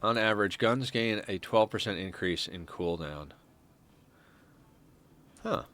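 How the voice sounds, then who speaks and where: Bright-toned man rambling over gameplay. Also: lowish voice, measured pace. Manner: rambling, thinks aloud with many "uh" restarts. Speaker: game streamer. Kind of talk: casual gameplay commentary.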